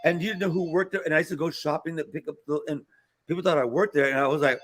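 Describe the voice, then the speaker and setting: Older man, talk show guest, slightly high voice, rambling anecdotes, lots of fillers, acts out other people's lines, recorded live in a restaurant. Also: steady tone, racing, fairly bright tone, soft background music. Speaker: guest performer.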